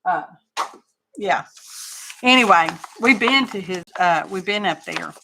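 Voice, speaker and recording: Texan lady rambling on her craft livestream, slow easy talk, bright voice. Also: lowish voice, animated, vocal fry, slight background noise. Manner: rambling, folksy storytelling with asides. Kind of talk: casual livestream chat.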